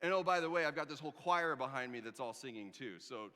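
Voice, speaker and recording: A pastor preaching a sermon, telling the story with animated jokes and sarcastic asides. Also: male voice, mid-range voice, fast talker. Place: church. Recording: long reverb of a church hall.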